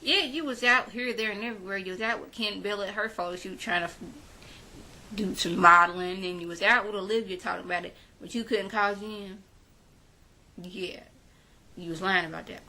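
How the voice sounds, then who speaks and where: A woman's voice: mid-range voice, moderate pace, bright, forceful tone, poor audio. A woman recapping a reality show episode in a chatty, opinionated way, talking straight to her viewers with speech. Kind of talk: casual recap talk with quoted paraphrases.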